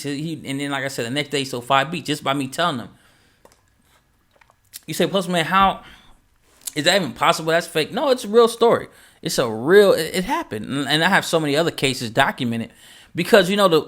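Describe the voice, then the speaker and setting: A man, a music producer who coaches other producers, talking casually and with energy and acting out quoted advice. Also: fairly high pitch. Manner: animated, acts out quoted dialogue, repeats phrases. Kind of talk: casual motivational talk to camera.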